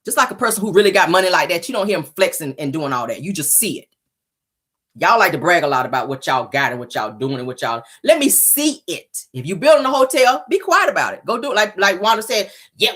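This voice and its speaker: A woman's voice: on the low side, big pitch swings, fast, fairly bright tone, breathy edge. A woman hosting a casual celebrity gossip show, sassy and teasing, laughing often as she reacts to viewer comments. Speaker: show host.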